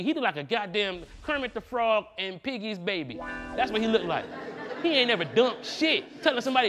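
A man argues as a comic defense attorney with a heated, slangy delivery. His voice sits high for a man. Faint music plays behind him. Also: a little fast, a faint crowd. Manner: heated, animated, slangy rant. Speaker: defense attorney in improv courtroom comedy. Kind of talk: improvised comic courtroom argument.

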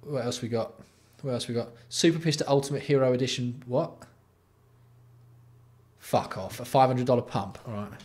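A man's voice: medium pitch, normal speed, pauses often, darkish tone. A man hosting a live stream, ranting and swearing in exasperation while reacting to products. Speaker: livestream host. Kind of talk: casual live-stream commentary.

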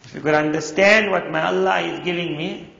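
A man's voice: on the high side, fairly even intonation, brisk, vocal fry, bright, forceful tone. A man preaching a sermon, telling stories and acting out the quoted voices. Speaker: Islamic preacher. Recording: echoey hall, dull lo-fi sound.

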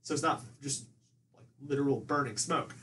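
A man's voice: moderate pace, bright, forceful tone. A young man guest on a casual podcast, rambling through family stories with lots of "like" and imitating his mom. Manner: rambling, heavy use of "like", mimics his mom in a higher voice. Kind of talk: casual storytelling chat. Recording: distant mic with faint ambient noise.

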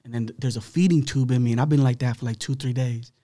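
Podcast guest, young man, slightly rough voice, animated casual storytelling that acts out the dialogue. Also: medium pitch, fast.

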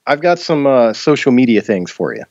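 A man's voice: mid-range voice, sing-song, moderate pace, a little mellow, no room sound, highs cut off. A man hosting a podcast in casual chat, rambling with many fillers and restarts. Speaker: podcast host.

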